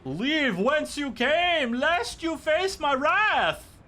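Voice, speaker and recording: A man's voice: very high-pitched, big pitch swings, sharp tone, voice pushed up, full character voice. Man putting on a grandiose young occultist. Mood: menacing. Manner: grandiose, archaic, drawn-out delivery.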